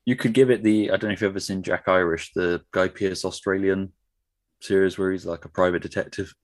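A man's voice: low voice, fairly even intonation, a little fast, no room sound. A man co-hosting a film podcast, laid-back and hesitant. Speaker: podcast co-host. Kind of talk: casual film podcast chat.

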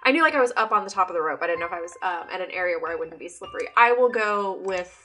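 A woman playing a tabletop game, dropping quick jokes. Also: fairly low pitch, lively intonation, sharp tone, soft background music. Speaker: player.

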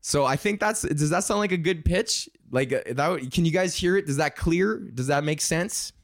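A man's voice: fairly high pitch, normal speed, dry recording, studio quality. Rambling, profane young man podcaster. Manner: rambling, profane, laughs at own jokes. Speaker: podcast host. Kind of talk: casual solo podcast rant.

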